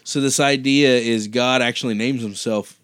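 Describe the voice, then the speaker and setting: A man's voice: medium pitch, steady tone, normal speed, fairly bright tone, clean tone, no room sound, studio quality. A man co-hosting a casual Bible study chat, often chiming in with short agreement. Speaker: co-host.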